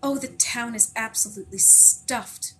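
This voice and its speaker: Brisk, kindly old housekeeper, voiced by a woman reader; fussy, talks in lively bursts, pitched fairly high, faint hiss behind. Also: rough recording. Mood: fussing.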